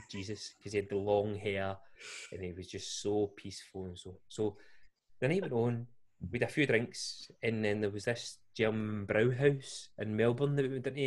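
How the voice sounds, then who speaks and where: A young Scottish man telling a rambling, self-mocking story on a podcast, often laughing at himself. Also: on the low side. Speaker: podcast co-host. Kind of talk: casual storytelling chat.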